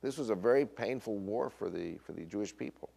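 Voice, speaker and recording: A man from Israel giving a recorded lecture. He speaks emphatically and slows down to stress key words. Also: on the low side, lively intonation, creaky, warm tone, husky.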